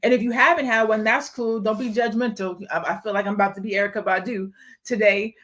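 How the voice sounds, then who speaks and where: A woman's voice: mid-range voice, steady tone, quick pace, fairly bright tone. Candid woman livestreaming to her viewers. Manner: greets viewers by name between thoughts, candid and emphatic. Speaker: live stream host and event promoter. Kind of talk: casual live stream talk.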